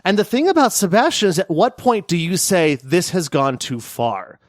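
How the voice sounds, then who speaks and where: A man's voice: sits high, moderate pace, dry recording, studio quality. Chatty man co-hosting a gaming podcast. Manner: chatty and animated, laughs easily. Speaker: podcast co-host. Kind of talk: casual chat.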